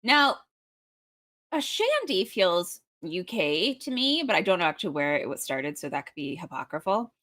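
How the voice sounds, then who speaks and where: A woman's voice: lowish voice, sing-song, moderate pace, a bit bright. Giggly woman co-hosting a livestream. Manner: laughs often, musing and playful. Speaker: livestream co-host. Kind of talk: casual comedic chat.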